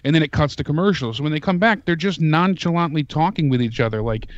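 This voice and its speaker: A man's voice: on the high side, animated, fairly quick, no room sound. Sarcastic male co-host, dull lo-fi dry recording, questions everything. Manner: sarcastic, exasperated, swearing. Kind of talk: casual review chat.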